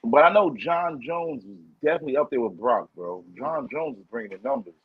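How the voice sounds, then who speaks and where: Husky podcast dude, blunt slangy talk, muffled lo-fi audio. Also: male voice, mid-range voice, very animated, brisk. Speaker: podcast co-host. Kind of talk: casual chat.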